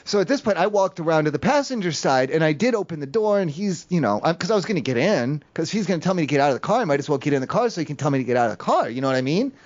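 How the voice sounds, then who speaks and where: Prank caller, male, fairly high voice, rambling and meandering, muffled lo-fi phone audio. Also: sing-song, rapid-fire, hardly any pauses. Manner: rambling, meandering storytelling with many fillers.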